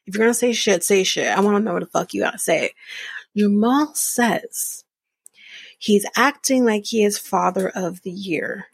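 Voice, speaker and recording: A woman's voice: medium pitch, expressive, normal speed, vocal fry, husky, dry recording. A woman in her early thirties hosting a podcast, giving a blunt, profane, opinionated casual recap of a reality show. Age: early 30s. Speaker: podcast host.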